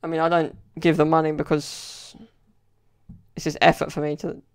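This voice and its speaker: Gravelly, flat-voiced young man. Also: fairly high pitch, moderate pace. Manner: rambling, chatty, fills with "like" and "you know". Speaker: podcast host. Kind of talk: casual solo podcast storytelling.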